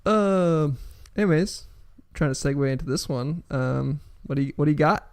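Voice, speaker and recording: Male co-host, gravelly, loose and profane casual banter. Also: a little high, moderate pace. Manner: swearing, rambling, jokey. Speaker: podcast co-host. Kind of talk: casual chat.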